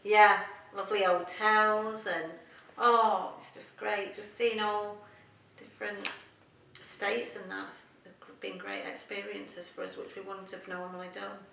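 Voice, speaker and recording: A woman's voice: medium pitch, level tone, a little slow, vocal fry, pushed and bright, slight background noise. A middle-aged woman, chatting in a casual interview, rambling and laughing often. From England. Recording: echoey room, mic at a distance.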